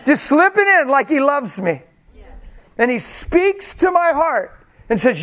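A male preacher with a high voice tells a personal story in a sermon. He is animated and self-mocking, and he acts out each quoted line. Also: a little slow.

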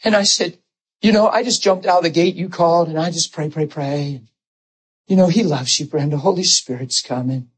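A husky, slightly high-voiced middle-aged man preaching a heartfelt sermon. He tells personal stories with emotion and slips into animated voices for the people he quotes. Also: fairly quick, rough recording.

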